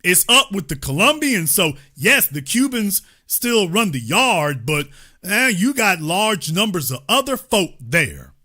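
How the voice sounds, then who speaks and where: Male commentary host, high and very bright voice, emphatic and repetitive delivery. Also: big pitch swings, a little slow. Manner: emphatic, repeats key points, lectures the audience directly. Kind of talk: political commentary monologue.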